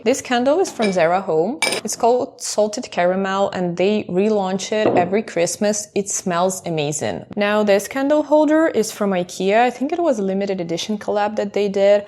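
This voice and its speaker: A woman's voice: medium pitch, a little mellow. Chatty young woman touring her apartment. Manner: chatty, enthusiastic about decor. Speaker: vlogger giving an apartment tour. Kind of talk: casual vlog narration. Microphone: small handheld camera.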